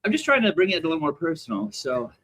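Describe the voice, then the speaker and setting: A man's voice: on the high side, wildly swooping pitch, fast talker, fairly bright tone, breathy edge, poor audio. A man calling in during a walk on his lunch break, a little out of breath, sharing personal thoughts in a casual way. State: slightly out of breath from walking. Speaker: caller. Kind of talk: casual chat.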